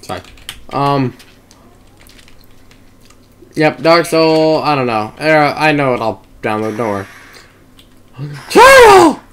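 A young man rambling through casual gameplay commentary, swearing and breaking into excited shouts. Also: medium pitch, takes it slowly, long pauses, a little hiss or hum. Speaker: gamer.

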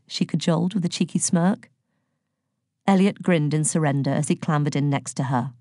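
A woman reads a novel aloud with a low, mellow voice and a slightly husky grain. Her delivery is calm and gentle, and the sound is dry and close to the mic. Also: normal speed, dry recording. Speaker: audiobook narrator. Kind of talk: scripted narration.

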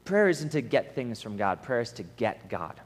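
A man's voice: medium pitch, moderate pace, slight background noise. Man preaching in a reverberant hall. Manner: animated storytelling, acts out quoted voices. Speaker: camp speaker, preacher. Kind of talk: conversational sermon.

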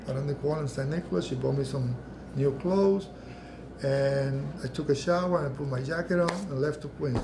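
An older man whose first language is Spanish, telling his life story at an oral history panel, halting and restarting often and acting out the people he quotes. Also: a little high, noisy background. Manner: halting, many restarts, acts out quoted voices. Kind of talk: personal storytelling.

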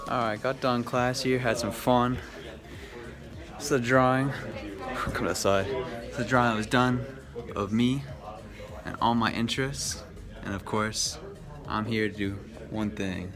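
A man's voice: lowish voice, steady tone, moderate pace, over music. A man vlogging in a casual, upbeat and chatty way as he walks through an office building, talking into a handheld camera. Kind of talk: casual vlog narration.

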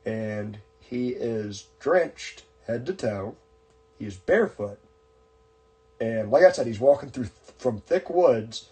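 A man with a mid-range voice tells a long story in relaxed podcast chat. He rambles and circles back, with lots of "uh" and "like" and restarted sentences. His tone stays easygoing and conversational. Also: medium pitch, slow pace, faint music behind. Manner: rambling, with many fillers and restarts. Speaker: podcast host.

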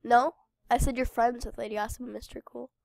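A woman with a head cold, her nose stuffed up, rambling cheerfully through a game for her viewers. Her voice sits fairly high with a gravelly fry at the ends of phrases. The sound is dry and close, with no room around it. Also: little pitch movement, fast talker, darkish tone, dry recording. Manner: chatty, rambling, talks to viewers. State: congested with a cold. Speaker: game channel host. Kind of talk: casual gameplay commentary.

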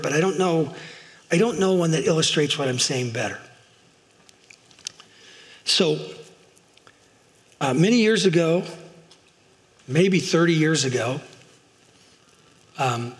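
A middle-aged man preaching as a pastor in a church, chatty and self-deprecating, often asking his listeners "right?". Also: a little high. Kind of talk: sermon. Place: church sanctuary, in front of a congregation. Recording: long hall reverb.

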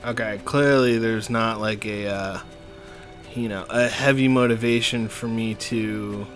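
Slow-talking playful male streamer. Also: fairly low pitch, steady tone, soft background music. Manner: playful, talks to the game characters, jokey asides. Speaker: gameplay streamer. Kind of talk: casual let's-play commentary.

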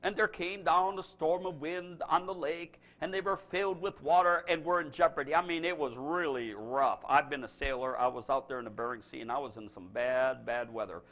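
A man preaching a revival sermon as pastor, who swings from loud, fervent preaching to low, confiding talk. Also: fairly even intonation, brisk, few pauses. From United States.

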